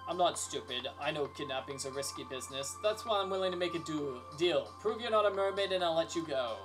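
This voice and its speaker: A man doing a smug villain who drawls his threats slowly and coolly. Clear music plays behind the voice. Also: fairly high pitch, lively intonation, lightly acted. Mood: menacing. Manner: smug, slow and menacing. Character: sly villainous male kidnapper, smug and menacing.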